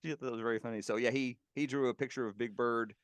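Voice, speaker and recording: A man's voice: medium pitch, fairly even intonation, fast talker, dry recording. A man, a professional puppeteer, fondly recalling colleagues in a casual interview and laughing now and then as he tells anecdotes. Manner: warm, reminiscing, laughs while telling anecdotes. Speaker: guest puppeteer. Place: home.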